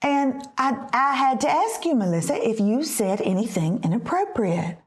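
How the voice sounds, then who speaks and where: A woman's voice: on the high side, sing-song, normal speed. A woman putting on a prim, fretful older mother.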